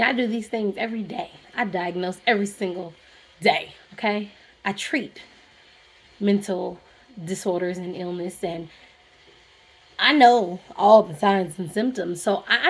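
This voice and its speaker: A woman who works as a therapist talks to camera in a casual, animated way, telling a personal story. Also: mid-range voice, gravelly, slightly rough. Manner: animated, conversational, acts out her own reactions. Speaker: vlogger.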